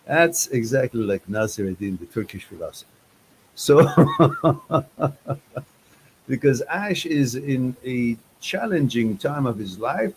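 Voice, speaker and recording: A man's voice: mid-range voice, darkish tone, slight background noise, low-quality recording. A man hosting a live chat stream, talking in a loose, rambling and informal way with hesitant restarts.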